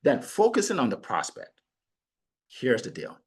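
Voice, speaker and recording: A middle-aged man coaching on sales, talking in an animated way and acting out his prospects. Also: medium pitch, measured pace, slightly rough. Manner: animated, acts out clients and prospects in quoted voices. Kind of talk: motivational sales talk.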